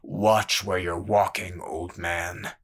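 A man voicing a gruff, hulking brawler. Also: low voice, level tone, takes it slowly, fairly bright tone, full character voice. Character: hulking male brawler, gruff and tightly angry.

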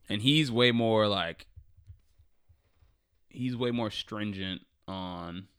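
A man's voice: deep voice, smooth, no echo, studio quality. A young man on a podcast, telling a work story in casual chat and acting out quoted voices, with a lot of "like". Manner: animated, acts out quoted voices, lots of "like". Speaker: podcast co-host.

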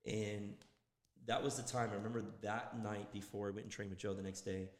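A man co-hosting a casual podcast chat, telling stories in a loose, profane, animated way. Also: lowish voice, fairly quick. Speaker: podcast co-host. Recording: echoey room with long reverb.

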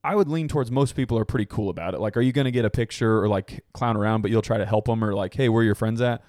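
Male podcast host, animated storyteller, swears and laughs, dry close mic. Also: fairly low pitch, very fast, no room sound. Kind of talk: casual storytelling chat.

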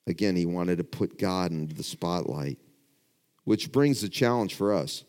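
Middle-aged male pastor, lowish voice, preaching in church, drops to a hush then builds to emphatic questions. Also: animated, moderate pace. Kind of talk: sermon. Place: church before a congregation.

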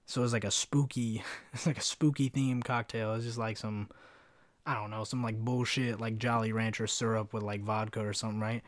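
A man's voice: lowish voice, steady tone, a little fast, no room sound. Slangy young man rambling on a podcast. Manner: rambling, slangy, profane storytelling. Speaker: podcast host. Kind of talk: casual solo podcast chat.

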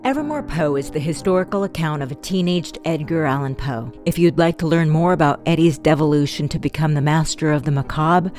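A woman host reading a scripted story narration in a measured storytelling manner. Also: low-pitched, a little mellow, soft background music.

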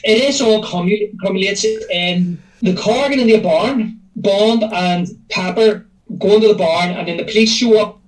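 A man's voice: high voice, moderate pace, hardly any pauses, far from the mic, poor audio. A man co-hosting a casual film review podcast, rambling as he retells scenes at length. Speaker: podcast co-host.

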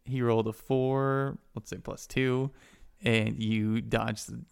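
Male game master with a gravelly edge, quick and casual while narrating the game. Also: medium pitch, fairly even intonation. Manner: brisk, improvised narration.

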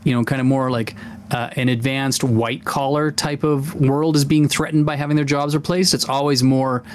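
This tabletop gaming podcast co-host chats casually and enthusiastically with many fillers and restarts. His mid-range voice has a flat delivery and moderate pace, and there's a little hiss or hum in the recording.

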